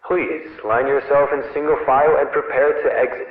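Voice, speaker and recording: A man's voice: mid-range voice, steady tone, brisk, voice pushed up. A man doing a tinny automated intercom voice. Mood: polite. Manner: stiff, formal announcement. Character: automated intercom announcer voice, flat and polite. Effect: tinny intercom filter. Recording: tinny phone-like sound, far from the mic, roomy.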